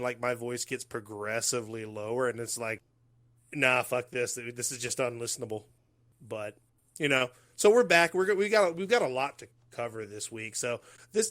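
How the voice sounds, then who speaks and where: A man with an American accent hosting a casual podcast, joking loosely and talking in quick bursts. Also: medium pitch, a bit bright. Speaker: podcast host.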